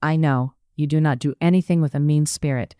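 A narrator voicing a witty, spirited young gentlewoman with a wry, teasing manner in an audiobook reading. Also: mid-range voice, steady tone, a little fast, smooth, no room sound, clean studio sound, close to an everyday voice.

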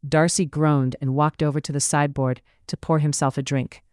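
Smooth, clear storybook narrator. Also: medium pitch, no room sound, clean studio sound. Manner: steady, measured reading.

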